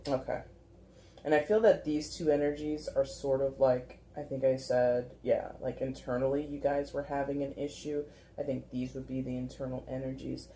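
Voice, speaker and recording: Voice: medium pitch, level tone, normal speed, warm tone, a little hiss or hum. Chatty, rambling tarot reader. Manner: chatty, rambling, heavy use of filler 'like'. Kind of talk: casual tarot reading monologue.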